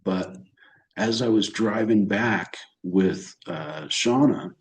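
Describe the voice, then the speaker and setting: Brief: lower-voiced male host, slow and halting, choked up, roomy echo. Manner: halting, emotional, pauses and restarts. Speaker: astrology channel host. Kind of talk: personal storytelling.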